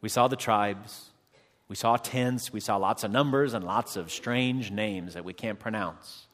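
A man's voice: fairly low pitch, unhurried, a bit bright. Male pastor preaching in a reverberant hall. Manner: preaching to a congregation, calling out "amen?". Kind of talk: sermon. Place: church sanctuary.

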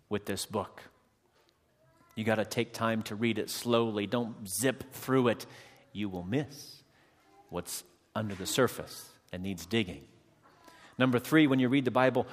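A man preaching a sermon as pastor, addressing his congregation and calling out for amens. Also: mid-range voice. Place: church sanctuary. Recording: long hall reverb.

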